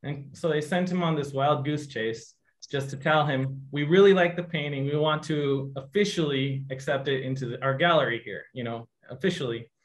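A man with a mid-range voice speaks at a moderate pace. He's a guest artist giving a painting demo, casually telling an online audience a story and animatedly acting out the voices in its quotes.

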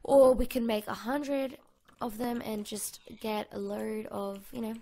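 An Australian woman giving bubbly, excitable, chatty commentary over her own gameplay, recorded at home on a desk microphone. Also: on the high side, a little slow. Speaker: gaming YouTuber. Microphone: USB condenser mic on a desk.

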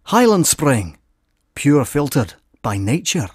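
A man putting on a slow Scottish ad announcer. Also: mid-range voice, big pitch swings, breathy edge, dry recording, clean studio sound, full character voice. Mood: announcing. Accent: put-on Scottish. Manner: slow, drawn-out slogan delivery. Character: Scottish male ad voiceover announcer. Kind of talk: mock commercial voiceover.

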